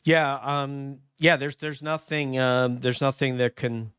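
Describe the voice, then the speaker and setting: A man hosting an interview, speaking haltingly with many filler pauses. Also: medium pitch, little pitch movement, a bit bright, clean tone, no echo, clean studio sound. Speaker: podcast host. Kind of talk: conversational interview.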